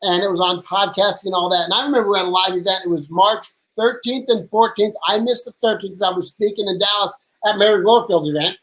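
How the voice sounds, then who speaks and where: A man with a notably high voice hosts a casual chat over lunch. He tells his stories with punchy energy, jumping into other people's voices as he quotes them. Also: fast, few pauses, rough recording. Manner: energetic storyteller who acts out quotes. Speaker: host. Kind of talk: casual conversation. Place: at a lunch table.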